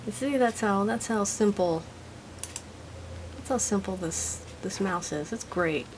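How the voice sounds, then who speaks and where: A woman's voice: mid-range voice, measured pace, a little mellow, slight background noise, rough recording. Chatty woman giving a casual review. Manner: chatty, giggly, self-deprecating. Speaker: product reviewer. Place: home desk.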